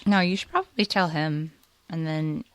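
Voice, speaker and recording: A woman's voice: low-pitched, moderate pace, smooth, dry recording. A woman, the host's wife, chatting casually on a podcast, explaining at length with lots of fillers. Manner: rambling, explanatory, filler-heavy. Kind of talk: casual chat.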